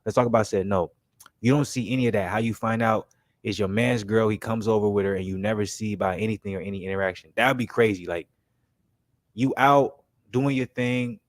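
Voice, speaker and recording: A man's voice: lowish voice, dry recording, studio quality. A young man hosting a live stream, chatting casually in slang and talking through made-up scenarios for his chat. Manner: laid-back, slangy, keeps saying "you know what I'm saying" and "man"; talks through made-up scenarios, voicing friends in quick quotes. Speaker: livestream basketball commentary host.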